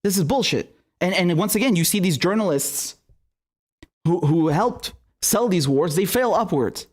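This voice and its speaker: This political show host, a young man with a high, animated voice, speaks at normal speed during his angry livestream commentary. Furious and profane, he keeps stammering into restarts and reads aloud the super chats viewers send in.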